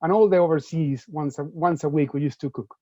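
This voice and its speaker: A man's voice: fairly high pitch, brisk, mellow, dry recording, lo-fi sound. A man from Venezuela with a Venezuelan Spanish accent, giving an enthusiastic presentation on studying in the UK and repeating words as he goes. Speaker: presenter for UK universities. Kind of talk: enthusiastic info-session talk.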